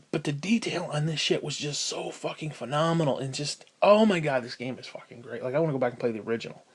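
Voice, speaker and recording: A man ranting casually to the camera, rambling and profane, working himself up as he talks. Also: medium pitch. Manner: profane, rambling and easily worked up. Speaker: gaming vlogger.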